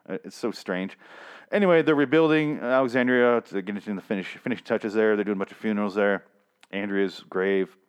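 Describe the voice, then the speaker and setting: A young man with a lowish voice talks through a comic recap as a show host. He rambles, swears freely and keeps cutting himself off mid-thought. The tone is loose, casual and opinionated. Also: clean tone. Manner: profane, rambling, self-interrupting. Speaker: podcast host.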